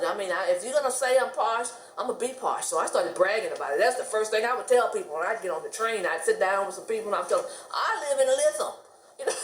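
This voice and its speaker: A woman's voice: medium pitch, roomy sound, a little hiss or hum. Chatty American woman vlogging. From United States. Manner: chatty, laughs often, animated quoted voices. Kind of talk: casual storytelling to camera.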